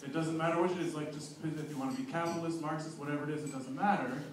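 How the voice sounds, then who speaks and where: Man, stand-up comic, slightly high voice, self-mocking and rambling, echoey club sound from a distance. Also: fairly even intonation, rapid-fire, a little hiss or hum. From abroad, living in New Zealand a year. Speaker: stand-up comedian. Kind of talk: stand-up comedy set. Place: comedy bar stage. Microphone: handheld stage mic. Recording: roomy club sound from far off.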